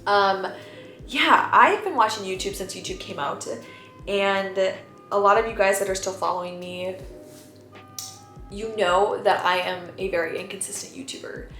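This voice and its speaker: A woman's voice: medium pitch, normal speed, sharp tone. Young woman vlogging, chatty and rambly and real open, echoey room, bit of music under it. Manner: candid, rambling, confessional. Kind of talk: casual chat to camera. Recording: roomy echo, faint music behind.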